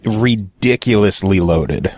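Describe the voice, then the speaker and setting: A man hosting a casual podcast, relaxed and joking, with plenty of offhand swearing. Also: fairly low pitch, slow pace, dry recording, clean studio sound. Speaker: podcast host.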